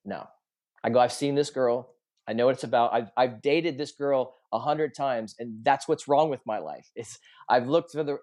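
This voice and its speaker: This is a man in his forties speaking as a guest on a podcast. He tells his story earnestly and confessionally, and he plays out the quoted conversations as he goes. His voice sits at an ordinary middle pitch. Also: darkish tone. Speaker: podcast guest, coach and author.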